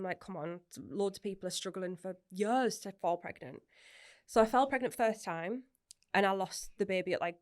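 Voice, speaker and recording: A woman, talking openly and chattily as a podcast guest, laughing often and swearing casually. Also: medium pitch. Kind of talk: candid personal interview.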